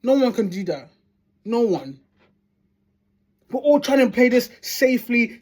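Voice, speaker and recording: A woman's voice: on the high side, very animated, unhurried, a little mellow. A woman ranting as a football fan vlogger, heated and sweary, repeating phrases for emphasis. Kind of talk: angry fan rant.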